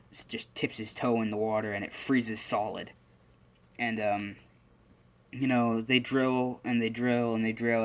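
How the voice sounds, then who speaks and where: Young man rambling through an improvised story. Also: fairly low pitch. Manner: rambling, many fillers and restarts. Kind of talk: casual improvised fan-fiction storytelling.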